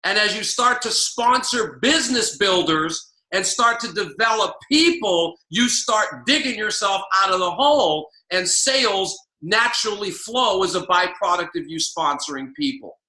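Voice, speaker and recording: A man's voice: high-pitched, animated, measured pace, hardly any pauses, bright, forceful tone, reverberant. A man coaching on a call, emphatic and preachy, driving his points home by repeating key lines. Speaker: network marketing coach.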